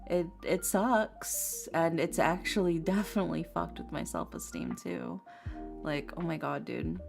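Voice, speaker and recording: A woman's voice: deep voice, lively intonation, measured pace, vocal fry. A young woman streamer chatting casually, talking frankly and swearing as she vents about a painful personal story. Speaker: tarot streamer. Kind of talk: casual chat. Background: faint lofi music.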